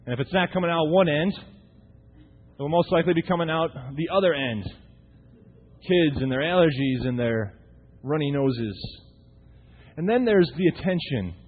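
A man in his thirties, a pastor, preaches a conversational and humorous sermon in a church sanctuary, often tossing rhetorical questions to the congregation. His voice is a little high and animated, at normal speed with a breathy edge. The recording sounds tinny and echoey, typical of a church.

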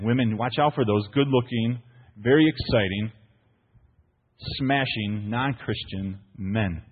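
A man's voice: medium pitch, a little slow, slightly rough, long reverb tail, narrow, tinny audio. A pastor, preaching a sermon to his congregation in a playful storytelling manner, often asking "right?". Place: church.

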